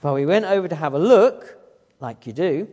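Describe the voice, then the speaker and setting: Male guest preacher, a little high-pitched, storytelling sermon with rhetorical questions, recorded in a church with long reverb. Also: expressive, normal speed, warm tone. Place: church hall.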